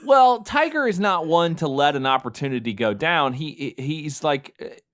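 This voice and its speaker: A man's voice: fairly high pitch, lively intonation, moderate pace, fairly bright tone. A male podcast co-host talks through a film's plot in loose, rambling casual chat. He stumbles and restarts, trails off, and breaks into amused laughter while he explains. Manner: rambling recap with fillers and restarts. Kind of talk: casual chat recapping a film.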